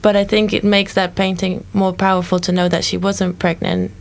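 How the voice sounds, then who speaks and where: Rambling woman with a gravelly voice. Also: mid-range voice, little pitch movement, normal speed. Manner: rambling, many restarts and "you know". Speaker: discussion guest. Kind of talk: casual art discussion.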